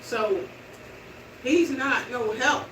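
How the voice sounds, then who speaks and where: A middle-aged woman chats casually to her viewers, taking slow steps while she exercises indoors. Her voice sits away from the camera in a roomy space, with clear background noise all around. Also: on the high side, a bit bright. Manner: chatty, slow walking while talking. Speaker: vlogger. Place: indoor room with hardwood floor. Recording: roomy, distant and noisy room sound.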